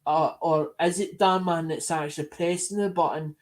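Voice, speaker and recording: In a loose, unscripted monologue, a coin-collecting vlogger with a slightly high, steady voice chats casually, as though to regular viewers. He meanders from point to point, circles back over the same words and restarts phrases, addressing his supporters in a relaxed, talkative way.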